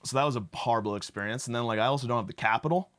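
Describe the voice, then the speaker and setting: A man's voice: mid-range voice, racing, a bit bright. A young man hosting a podcast, rambling through a profane, self-deprecating comedic monologue. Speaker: podcast host.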